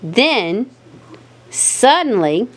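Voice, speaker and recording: A woman's voice: a little high, very animated, drawn-out words. A woman reading a children's picture book aloud with a playful, sing-song delivery. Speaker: storyteller.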